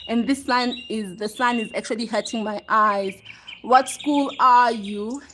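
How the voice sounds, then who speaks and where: A woman in her forties hosts a casual livestream chat, holding her phone close and greeting viewers by name. Her voice sits on the high side and sounds a bit bright, and she's slightly out of breath, with some faint background noise.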